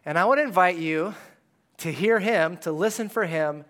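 A male pastor giving a conversational, animated sermon in a church, at times dropping to a hush. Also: high-pitched, moderate pace. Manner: conversational and animated, dropping to hushed tones for quoted words. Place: church sanctuary.

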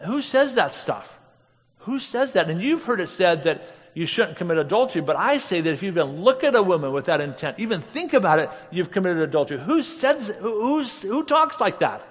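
A lively male preacher with a slightly raised voice tells stories to a crowd, tossing out rhetorical questions and laughing along. The sound rings out with the long reverb of a big hall. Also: a little high. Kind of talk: storytelling sermon.

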